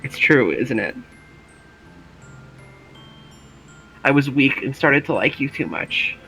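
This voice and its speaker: A man's voice: mid-range voice, animated, normal speed, gravelly, pushed and bright, soft background music. Sayori, a man playing a fragile, heartbroken schoolgirl. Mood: scared. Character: shy, fragile teenage girl with a crush. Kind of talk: voice-acted game reading.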